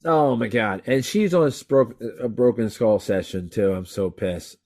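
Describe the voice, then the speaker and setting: A man co-hosting a wrestling podcast, chatting casually in an animated, rambling way with frequent swearing. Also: on the low side, measured pace. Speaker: podcast co-host. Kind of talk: casual chat.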